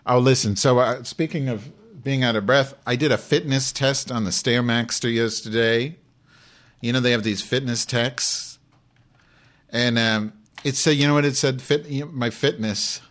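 A man's voice: medium pitch, moderate pace, fairly bright tone, lightly acted. A man playing a brash, foul-mouthed Jewish woman who hosts a live online show, ranting and rambling in improvised comedy. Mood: grumbling. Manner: profane, abrasive, rambling rants.

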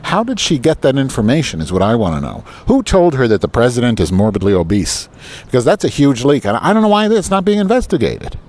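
A man's voice: mid-range voice, huge pitch swings, fast, a little mellow. A man hosting a podcast in casual banter, talking in a hyper, sarcastic, teasing way from a school parking lot outdoors. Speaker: podcast host.

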